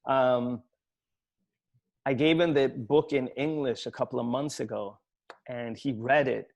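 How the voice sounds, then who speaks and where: A man, an author from Sweden, tells a personal story at an online book talk in a reflective, halting way, often restarting his sentences. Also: mid-range voice, steady tone, vocal fry, a little mellow.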